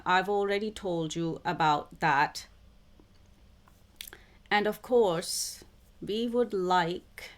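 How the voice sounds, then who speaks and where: A woman talking to camera as a self-described psychic channeler. Her voice sits on the low side, and she speaks very slowly and deliberately, repeating phrases as she goes. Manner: slow, repetitive, deliberate phrasing. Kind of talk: spiritual monologue to camera.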